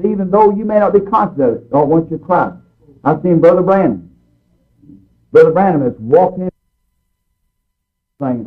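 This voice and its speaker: Man, preacher, fervent sermon, folksy, repetitive, tinny phone-like sound. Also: a little high.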